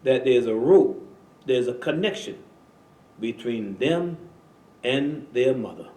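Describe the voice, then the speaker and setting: A man's voice: medium pitch, animated, mellow. Preaching man with an emphatic, roomy voice. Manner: preaching, slow and emphatic, repeating phrases. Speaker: imam and show host. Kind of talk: religious talk radio conversation.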